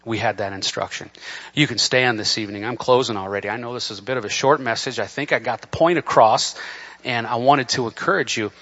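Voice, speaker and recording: A man preaching a sermon from the pulpit, swinging between emphatic, near-shouted scripture and quiet, conversational asides. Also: mid-range voice, husky. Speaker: pastor. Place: church sanctuary. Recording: dull lo-fi church recording.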